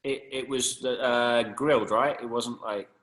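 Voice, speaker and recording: A man's voice: mid-range voice, fairly even intonation, measured pace, fairly bright tone, rough recording. An English man, a fitness coach, chatting and joking casually with his group over a video call. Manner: jokey, teasing, chatty.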